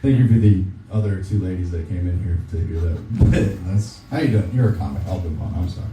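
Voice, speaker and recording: Crude, lively young comedian. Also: male voice, sits low, a little fast, noisy background. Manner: crude, rambling, self-mocking. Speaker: stand-up comedian. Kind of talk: stand-up comedy set. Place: comedy club. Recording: roomy club sound from a distance.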